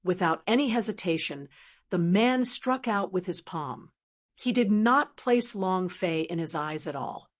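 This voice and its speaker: A woman narrating a fantasy audiobook in a steady, even storytelling manner. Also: lowish voice, a little slow. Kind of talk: scripted narration.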